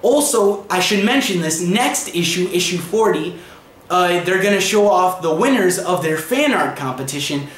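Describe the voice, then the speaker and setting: Young male vlogger, high voice, chatty comic recap full of fillers, echoey room. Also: lively intonation, normal speed, fairly bright tone. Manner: chatty, filler-heavy retelling. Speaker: comic book reviewer. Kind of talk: casual video review.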